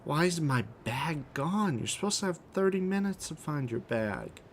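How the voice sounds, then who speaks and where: A man's voice: fairly high pitch, animated, normal speed, a little hiss or hum. A man streaming a survival game live, grumbling to himself about lost gear and calling himself an idiot. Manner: grumbling to himself, frustrated and self-mocking. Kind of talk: livestream gameplay commentary.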